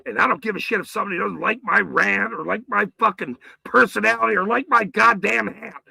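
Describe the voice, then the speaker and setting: Shouting high gravelly man ranting. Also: fairly quick, no echo, rough recording. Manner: shouting, profane, boastful. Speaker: channel host. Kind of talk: angry profane rant to camera.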